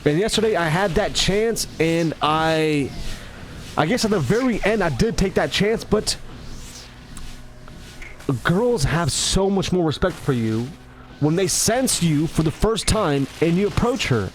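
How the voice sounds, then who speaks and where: A man rambling in casual commentary, animated and self-mocking. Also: a little high, measured pace, a little hiss or hum. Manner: animated, self-mocking, acts out his own lines. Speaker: gaming commentator.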